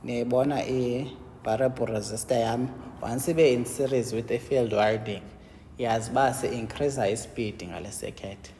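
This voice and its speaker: A man with a South African Xhosa accent teaching an engineering lesson, mixing English and Xhosa, explaining step by step and answering his own questions with quick checks like "yabo?". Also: medium pitch, steady tone, dark tone, in a large hall, a little hiss or hum. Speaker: engineering lecturer.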